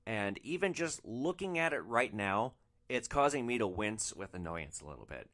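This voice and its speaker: Animated, bright-voiced man telling stories. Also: fairly low pitch, normal speed. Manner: animated, profane, exasperated. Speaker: podcast host, rideshare driver. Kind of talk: comic storytelling.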